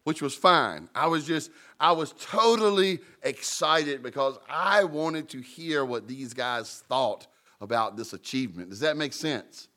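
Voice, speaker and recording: A man preaching in a church, telling stories and paraphrasing scripture in a relaxed, conversational way. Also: mid-range voice, unhurried, hardly any pauses. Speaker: pastor. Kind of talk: sermon.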